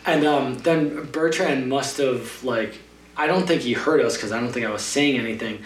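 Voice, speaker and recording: This podcast guest, a trail runner, speaks at normal speed with a medium-pitched voice. He casually recounts a lengthy trail race, rambling and using many fillers, picked up by a distant, roomy mic with a slight hum.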